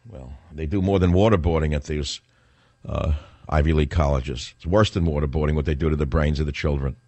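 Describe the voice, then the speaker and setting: A man's voice: rumbling low, fairly even intonation, fairly quick, mellow, no room sound. An older man hosting a radio talk show, talking in a combative, sarcastic, rambling way.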